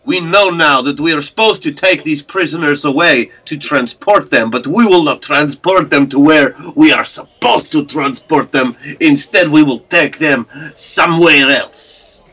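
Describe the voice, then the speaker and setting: A man doing a hulking, earnest folk hero with a husky, bright, forceful voice sitting a bit high. He speaks in stiff, formal, broken phrases with deadpan sincerity, always the loyal buddy at the table. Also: measured pace, few pauses. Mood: pleased. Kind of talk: tabletop role-play in character.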